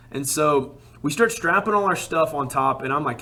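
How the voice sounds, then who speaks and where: A man casually telling a personal story, animated and full of "like" fillers. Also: fairly high pitch, fairly quick, hardly any pauses.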